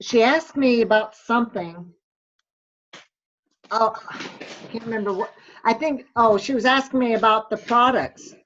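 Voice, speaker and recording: A woman's voice: a little high, unhurried, long pauses, fairly bright tone, a little hiss or hum. Chatty American woman on a muffled call. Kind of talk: casual video-call chat. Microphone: video call. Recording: muffled video-call audio.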